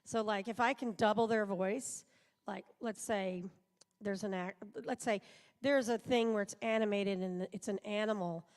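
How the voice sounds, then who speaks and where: A woman's voice: mid-range voice, fairly even intonation, normal speed, darkish tone. A middle-aged woman from the United States, a voice actor, chatting in a rambling, self-deprecating way as a guest on a live convention panel in an auditorium.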